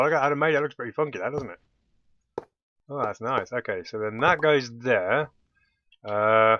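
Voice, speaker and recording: A man talks through his gameplay in a casual, excitable way, often breaking into delighted exclamations. His voice is bright and forceful at a middling pitch. The recording sounds dull and lo-fi. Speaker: let's play host.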